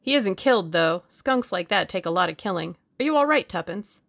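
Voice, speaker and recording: A woman voicing a bold young man, speaking in a brisk, laconic, breezy way. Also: mid-range voice, expressive, creaky, fairly bright tone.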